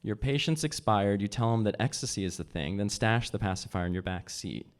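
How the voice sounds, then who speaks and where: A man reading aloud from his own novel at a live event, measured, lifting his voice for the characters' lines. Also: animated. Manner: measured, voices dialogue with pitch jumps.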